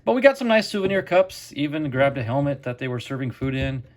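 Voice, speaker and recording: A man's voice: mid-range voice, very animated, fast talker, a little mellow. A middle-aged man casually telling a story to camera as the host of a card collecting channel, chatty and acting out quotes.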